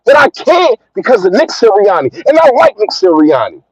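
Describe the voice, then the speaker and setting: A man's voice: sits high, huge pitch swings, moderate pace, few pauses, slightly rough, dry recording, low-quality recording. A man hosting a fan livestream, ranting in a heated, emphatic way and repeating his points. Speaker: fan channel host.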